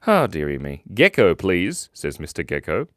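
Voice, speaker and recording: A man's voice: low-pitched, huge pitch swings, moderate pace, dry recording, clean studio sound. A young Australian man hosting a live drawing stream, chatting playfully and laughing as he reads out viewer comments.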